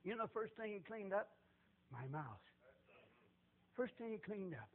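An older man giving a folksy testimony sermon, animated and repetitive, chuckling as he tells it. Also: sits high, moderate pace, phone-quality sound. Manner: animated, repetitive, laughs while telling.

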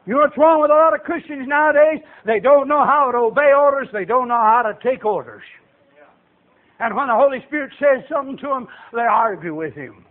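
High-voiced folksy preacher on tinny radio. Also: male voice, expressive, brisk. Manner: folksy, acts out voices, builds to shouts. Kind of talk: storytelling sermon. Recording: tinny phone-like radio broadcast.

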